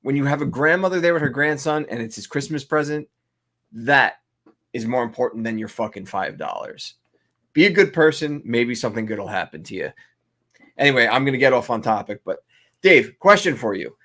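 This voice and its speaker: A man's voice: medium pitch, lively intonation, a little fast, a bit bright. A man co-hosting a casual chat, ranting and swearing freely. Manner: profane, ranting. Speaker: co-host.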